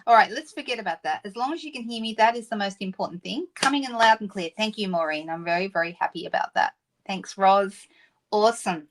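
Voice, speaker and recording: A middle-aged woman from Australia hosting a live papercraft demonstration, chatting and greeting viewers by name between explanations. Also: mid-range voice. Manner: warm, laughing asides. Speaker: papercraft host. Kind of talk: live-stream craft demonstration.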